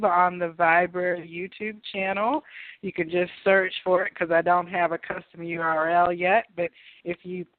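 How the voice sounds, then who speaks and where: A woman host closes her show with effusive, unhurried thanks. The sound is dry and tight, squeezed down to a thin, phone-like band. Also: lowish voice, dry recording. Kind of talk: internet radio hosting. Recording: dry, tinny phone-quality audio.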